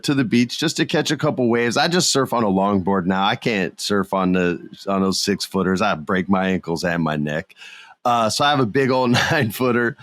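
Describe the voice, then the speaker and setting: A man's voice: fairly low pitch, a bit bright, no room sound. A man from the United States hosting a podcast, talking in a laid-back, slangy way and telling stories with energy. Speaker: podcast host. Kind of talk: casual chat.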